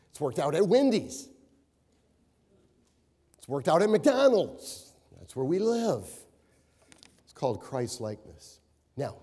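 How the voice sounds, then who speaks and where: A middle-aged pastor preaches in a church sanctuary, hammering key words by repeating them and slipping into anecdotes with a chuckle. His mid-range voice is warm and husky, carried by a long, reverberant hall.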